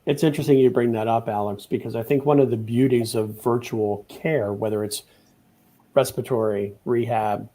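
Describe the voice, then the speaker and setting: Healthcare man with a mellow voice who explains things in a measured way. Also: mid-range voice, fairly even intonation. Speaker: healthcare guest. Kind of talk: casual conversation.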